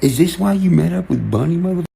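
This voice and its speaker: A man, ranting excitedly to camera, cursing and jumping from one topic to the next as he acts out quotes. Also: fairly high pitch, racing, vocal fry, breathy edge. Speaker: online creator. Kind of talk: rambling rant to camera.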